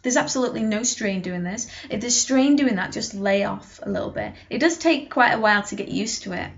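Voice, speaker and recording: A woman's voice: medium pitch, lively intonation, brisk, creaky, highs cut off. A young woman singing teacher giving a vocal lesson to camera, explaining technique with sung and spoken demonstrations.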